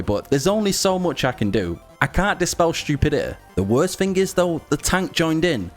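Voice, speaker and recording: A man giving a scripted voice-over narration of his gameplay, in a wry, sarcastic storytelling manner. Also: medium pitch. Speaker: gaming video creator.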